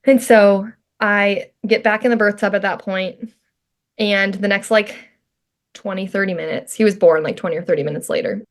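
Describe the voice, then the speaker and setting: Woman chatting on a podcast, mid pitch, says like a lot, laughs easy. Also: fairly even intonation, normal speed. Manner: chatty, frequent "like" fillers, laughs often. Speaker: podcast guest; mother telling her birth story. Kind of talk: casual storytelling.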